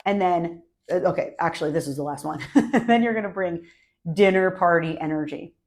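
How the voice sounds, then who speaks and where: A woman's voice: on the low side, normal speed, a little mellow. A married woman giving marketing and speaking tips straight to camera, upbeat and conversational in short punchy phrases. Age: adult, married. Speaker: marketing coach. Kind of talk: direct-to-camera tips video.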